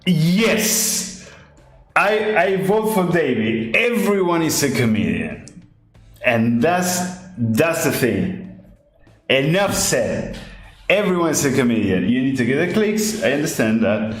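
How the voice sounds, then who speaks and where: A man's voice: fairly high pitch, sing-song, a little slow. A man hosting a podcast in casual chat, ranting emphatically and repeating his points, speaking English as his second language. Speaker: podcast host. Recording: echoey room with faint music.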